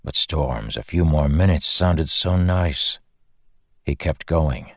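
Deep-voiced man narrating an audiobook. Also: takes it slowly, dry recording, clean studio sound. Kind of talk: scripted narration.

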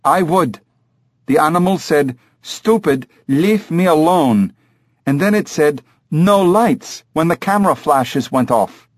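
A man's voice: a little high, lively intonation, takes it slowly, no echo, studio quality, pitched above the performer's own voice. A man voicing a heavy-set, determined tourist who speaks insistently and accusingly in an audiobook reading.

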